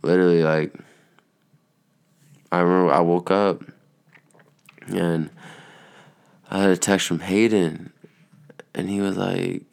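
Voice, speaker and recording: A man's voice: sits low, little pitch movement, unhurried, gravelly, long pauses, a little mellow, smooth. A young man in casual, rambling vlog chat, laid-back and profane, sounding tired. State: tired, yawning. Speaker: vlogger.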